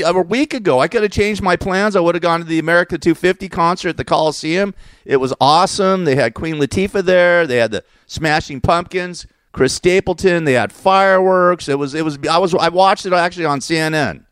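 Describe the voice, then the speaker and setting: A man's voice: high voice, fairly quick, fairly bright tone, clean tone, dry recording, clean studio sound. A man telling a rambling, exasperated story, often cursing and correcting himself as he goes. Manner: curses and self-corrects. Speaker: vlogger telling a personal story. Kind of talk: casual rant.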